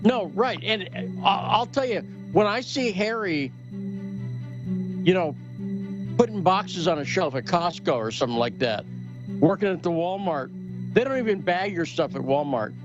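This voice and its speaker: Brief: high-pitched male host, sarcastic and combative, muffled recording with music. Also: lively intonation, a little slow. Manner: sarcastic, combative, rhetorical questions. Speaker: podcast host. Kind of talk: opinionated commentary chat.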